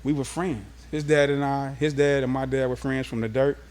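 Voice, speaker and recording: Man from los angeles, interview guest, casual streetwise storytelling, mid-pitched voice. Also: steady tone, normal speed, a little mellow.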